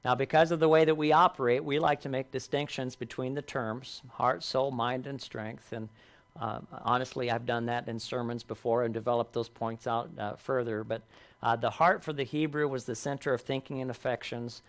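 Pastor preaching, earnest, building and dropping emphasis, mid-range voice. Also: male voice, mid-range voice, fairly even intonation, normal speed. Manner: earnest, rising in emphasis and dropping softly on key lines. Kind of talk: sermon.

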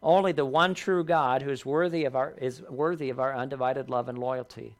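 A man preaching a sermon, earnest, lifting his voice for emphasis and dropping low on key lines. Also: steady tone, fairly quick. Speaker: pastor.

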